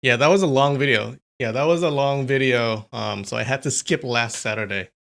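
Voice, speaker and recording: A man's voice: mid-range voice, moderate pace, creaky, fairly bright tone. A man hosting a casual livestream, chatty and thinking aloud, laughing often. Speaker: streamer.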